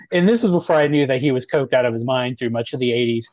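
A man leads a relaxed movie chat as host, quick to laugh and to mimic lines he loves. His voice sits at an ordinary middle pitch. The sound is dry and close, with no room around it. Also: no echo, rough recording. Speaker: podcast host.

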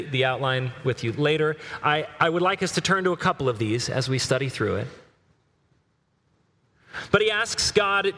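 A middle-aged male preacher giving a sermon, earnestly reading scripture aloud with slow emphasis. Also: a little high, sharp tone, big-room sound.

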